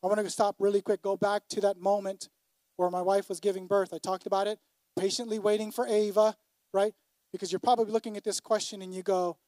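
A man's voice: high voice, little pitch movement, fairly quick, darkish tone, dry recording. A man preaching a sermon to a congregation, emphatic, repeating his key phrases. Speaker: pastor.

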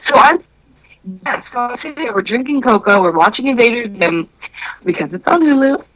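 A woman in casual podcast chat, loud and profane, retelling a date with many fillers and acting out both sides of the conversation. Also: fairly high pitch, brisk, rough recording. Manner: animated storytelling that acts out both sides of a conversation.

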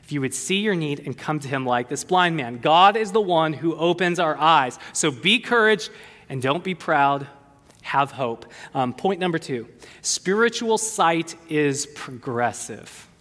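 A man preaching a sermon in a church, animated and conversational with playful asides. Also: fairly high pitch, normal speed. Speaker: pastor. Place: church sanctuary. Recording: long hall reverb.

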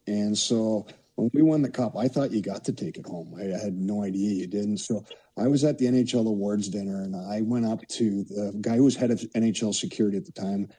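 A man's voice: on the low side, brisk, mellow, husky, rough recording. A man in his sixties from Canada, a podcast guest telling rambling anecdotes laced with "you know". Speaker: podcast guest, former hockey player. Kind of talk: casual storytelling.

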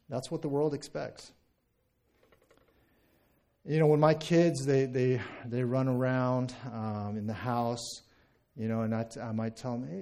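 This American pastor in his thirties has a creaky, warm, medium-pitched voice. His sermon has a conversational feel, full of repeated words and frequent "right?" check-ins.

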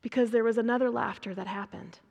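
A woman preaching a sermon, dramatic and swinging between hushed whispers and loud emphasis. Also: fairly high pitch, fairly even intonation, fast talker, vocal fry, muffled recording. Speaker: speaker preaching to a women's gathering. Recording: long reverb of a large hall.

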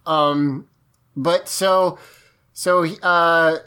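A podcast co-host recapping a show episode in casual chat, halting and full of fillers. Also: mid-range voice, expressive, a bit bright. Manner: unhurried, halting, many fillers and restarts.

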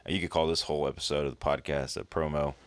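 A man with a very low, deep voice talks with a co-host on a church podcast. He is earnest, warms into animated stretches and laughs easily. The sound is dry and close, with no room around it. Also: quick pace, dry recording. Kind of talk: casual conversational podcast.

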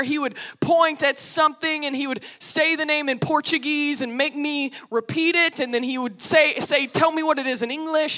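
A young American woman preaches a sermon, telling a story animatedly and acting out the quotes in her high voice.

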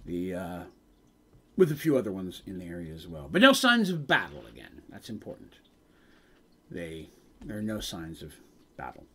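A man's voice: low voice, huge pitch swings, normal speed, pauses often, pushed and bright, slight background noise. A man acting as game master, retelling a tabletop game session in dramatic narration with casual asides.

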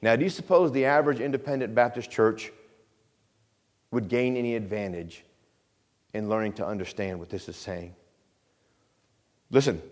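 Soft-spoken middle-aged pastor preaching. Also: male voice. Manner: calm, measured, often drops to a quiet low voice; asks the congregation questions and repeats phrases. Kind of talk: conversational sermon. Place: church sanctuary.

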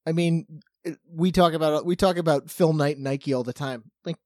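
With a fairly high-pitched voice at a moderate pace, a podcast co-host tells a drawn-out story in relaxed conversation, animated and peppered with fillers. The audio is dry and clean, from a studio.

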